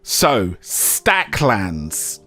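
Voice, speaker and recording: A man giving casual, self-mocking commentary over a game he is playing, now and then breaking into a shout. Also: fairly low pitch, huge pitch swings, drawn-out words. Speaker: gaming YouTuber.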